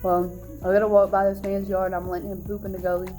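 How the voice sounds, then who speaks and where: A young adult woman vlogger telling a storytime in an animated, indignant way. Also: medium pitch, quick pace, faint music behind. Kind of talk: storytime vlog.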